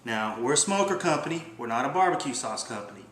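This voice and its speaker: A man, hosting a casual cooking demonstration in a kitchen, talking in a relaxed, folksy, plain-spoken way. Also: medium pitch, fast, slight background noise. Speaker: company host demonstrating cooking. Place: indoor kitchen. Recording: roomy kitchen echo.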